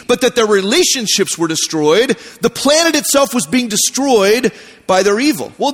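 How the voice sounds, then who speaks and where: A man preaching a sermon as pastor, telling stories in a relaxed, conversational way with animated voiced asides. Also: very high-pitched. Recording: long hall reverb.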